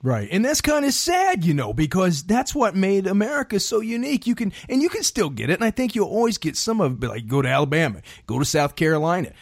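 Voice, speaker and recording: A man's voice: high-pitched, sing-song, quick pace, hardly any pauses, dry recording, clean studio sound. A man hosting a podcast interview, hyped and showman-like, with casual slang. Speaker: podcast host.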